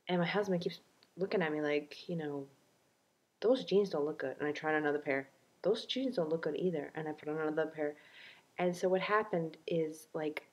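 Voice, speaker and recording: A young adult woman talking in a casual video diary, chatty and self-mocking, with lots of fillers. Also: sits low. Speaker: vlogger.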